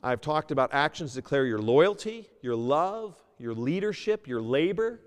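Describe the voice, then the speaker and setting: Male pastor, earnest sermon, smooth resonant voice, long reverb. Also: a little high, very animated, normal speed. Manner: earnest preaching, swings from loud to quiet. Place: church sanctuary.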